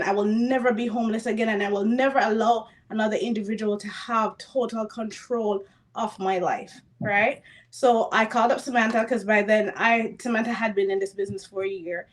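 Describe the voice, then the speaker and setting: A woman giving an emphatic, motivational personal testimony on a panel. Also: fairly high pitch. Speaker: business testimonial speaker.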